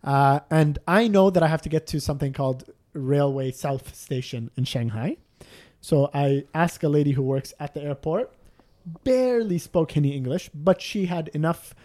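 A man with a fairly high-pitched voice tells a long travel story in easygoing conversation. He rambles, restarts his sentences and pokes fun at himself as he goes. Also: animated, moderate pace, dark tone. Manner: self-deprecating and jokey. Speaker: podcast guest telling a travel story. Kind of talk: casual chat.

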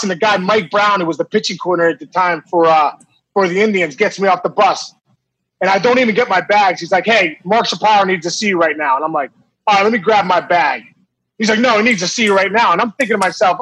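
A man in his forties, a former baseball player, telling a story in casual, animated talk with many fillers and restarts. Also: high-pitched, husky, dry recording, rough recording.

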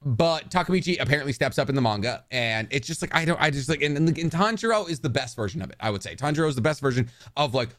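A man co-hosting a podcast in casual chat, ranting with animated swearing. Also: medium pitch, quick pace, hardly any pauses. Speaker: podcast co-host.

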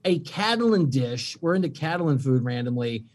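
A man guesting on a podcast, a sports radio host telling lively anecdotes in casual chat. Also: mid-range voice, moderate pace. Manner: lively storyteller, mimics voices in anecdotes.

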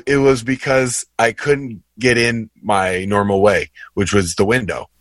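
A man in his thirties with a fairly low voice, trading stories on a podcast in a relaxed, slangy way. He sounds dry and close to the mic. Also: a little slow, few pauses, dry recording. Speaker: podcast co-host, former college basketball player. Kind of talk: casual chat.

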